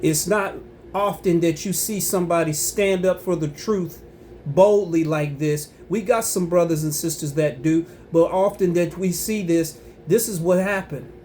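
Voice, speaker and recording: A man's voice: fairly high pitch, measured pace, a little mellow, slight background noise. A man giving impassioned religious commentary on his own channel, emphatic and preachy, repeating himself and breaking into angry rising outbursts.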